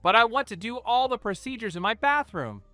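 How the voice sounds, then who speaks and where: A man voicing a hot-tempered teenage male ninja who talks loud, demanding and whiny. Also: very high-pitched, animated, fairly quick, no echo, faint music behind, pitched above the performer's own voice, full character voice.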